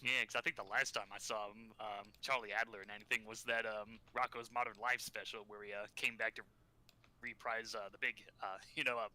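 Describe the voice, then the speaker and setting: Very bright-voiced, chuckling podcast man. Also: lowish voice, flat delivery, fairly quick. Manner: chuckling, rambling, searches for words. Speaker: podcast co-host. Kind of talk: casual chat.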